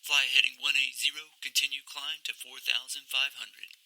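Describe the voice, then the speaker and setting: A man's voice: medium pitch, little pitch movement, moderate pace, pushed and bright, rough recording. A man voicing an air traffic controller and a pilot in a put-on British accent, using clipped, formal radio phrasing. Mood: crisp, formal.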